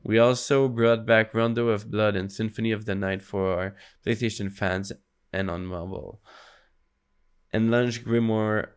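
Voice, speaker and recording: Low smooth-voiced man chatting games. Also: measured pace. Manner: relaxed, fillers and hedges. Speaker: podcast co-host. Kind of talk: casual gaming news chat.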